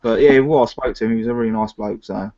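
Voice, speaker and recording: A man's voice: lowish voice, quick pace, dark tone. A man co-hosting a casual live-stream chat, rambling and retelling stories with many restarts. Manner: chatty, rambling with restarts and retold dialogue. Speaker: co-host of a film review live chat. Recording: muffled lo-fi live stream audio.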